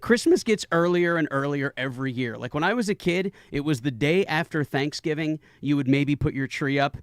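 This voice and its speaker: A man's voice: on the high side, fairly quick, dry recording, studio quality. A middle-aged man who is a guest on a talk stream, telling stories with enthusiasm. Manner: enthusiastic storyteller. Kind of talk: casual interview chat.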